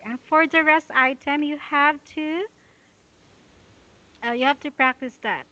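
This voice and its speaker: Slow, patient woman teaching pronunciation. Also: high voice, sharp tone, muffled recording. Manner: slow, patient, repeats instructions. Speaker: English teacher. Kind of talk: giving a pronunciation lesson.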